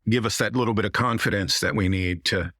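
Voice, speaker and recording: Man, American, middle-aged, rich podcast voice, sentences sink at the end, slightly low, dry sound. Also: a little fast, bright, forceful tone, dry recording. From United States. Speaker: guest magician and comedian. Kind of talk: casual interview chat.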